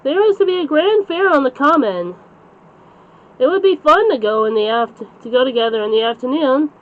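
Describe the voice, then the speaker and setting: A woman's voice: sits high, animated, moderate pace. A woman voicing a sly, hungry male wolf in a bedtime storybook. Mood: coaxing. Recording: slightly dull lo-fi recording.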